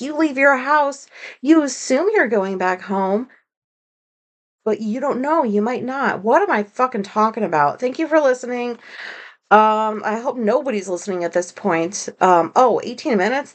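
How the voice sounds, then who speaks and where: A woman talks through a loose solo podcast episode with a slightly high voice. She rambles from thought to thought, swears freely and pokes fun at herself. She sounds high on marijuana. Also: animated, normal speed. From United States. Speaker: podcast host. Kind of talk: casual solo podcast monologue.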